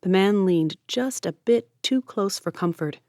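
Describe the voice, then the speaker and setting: A woman reading an audiobook with steady, expressive narration. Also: medium pitch, unhurried, dry recording, clean studio sound.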